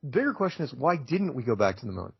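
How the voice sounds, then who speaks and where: A man talking as a podcast guest in an animated, emphatic way, getting worked up as he makes his case. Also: medium pitch, quick pace, creaky, breathy edge, no room sound. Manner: excitable, emphatic, gets worked up. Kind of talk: animated conversational rant. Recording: dull lo-fi, dry audio.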